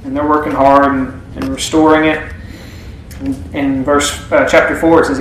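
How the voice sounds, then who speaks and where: This man preaches in a flat, mid-range voice at normal speed, reading Bible verses aloud and then unpacking them in a homespun, folksy manner. There's slight background noise in an echoey room with faint ambience.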